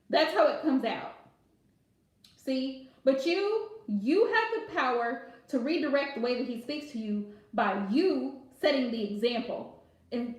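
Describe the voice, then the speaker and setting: A woman giving casual, direct advice to viewers on a live stream, chatty and laughing often, calling listeners pet names. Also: sits high. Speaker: live tarot reader answering viewer questions. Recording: very echoey room.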